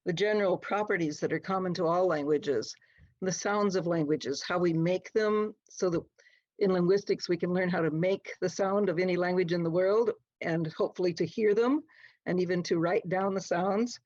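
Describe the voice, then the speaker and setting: A woman's voice: lowish voice, a little mellow. An older American woman, an English teacher, answering interview questions in a friendly, explanatory way. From United States. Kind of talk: relaxed conversational answers. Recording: dull, muffled lo-fi audio.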